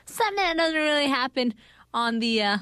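A woman's voice: sits high, animated, a little fast, a bit bright, no room sound. A woman co-hosting a morning radio show in a studio, bubbly, giggly and playful. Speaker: radio co-host. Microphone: studio microphone.

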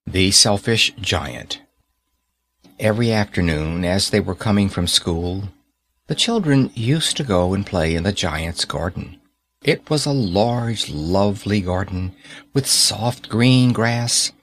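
A man reading a fairy tale aloud as an audiobook narrator in a calm, even storytelling manner. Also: on the low side, slow pace.

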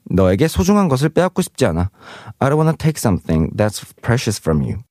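A man's voice: mid-range voice, big pitch swings, racing, darkish tone, no room sound, clean studio sound. A man teaching Korean vocabulary in English. He reads example sentences aloud and translates each one. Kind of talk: explaining vocabulary.

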